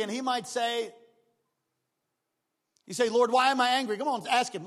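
A man preaching a sermon as pastor, swinging between loud exhortation and quiet, joking asides. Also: very high-pitched, normal speed, pauses often, big-room sound. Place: church.

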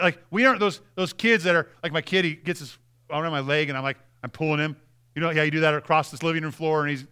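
A male pastor preaching a sermon, earnest, reading quoted passages aloud with emphasis and dropping to a hush at key lines. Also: fairly high pitch. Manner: earnest, with repeated restarts and dramatic drops in volume.

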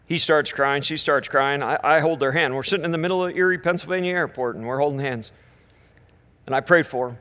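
A middle-aged man preaching as a minister, telling a story with animated energy and easing into soft, slow prayer. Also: medium pitch. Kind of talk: storytelling sermon at a live church event.

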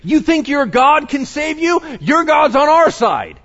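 A man voicing a boastful, menacing male army commander who yells taunts at a besieged city. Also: extremely high pitch, big pitch swings, a little slow, lo-fi sound, pitched above the performer's own voice, full character voice. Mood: taunting. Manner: shouting taunts, mocking.

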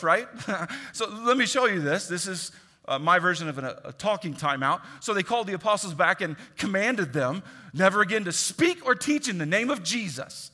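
A man preaching a sermon in an animated, jokey way, acting out the voices of the people he quotes. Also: high-pitched. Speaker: pastor. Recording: long hall reverb.

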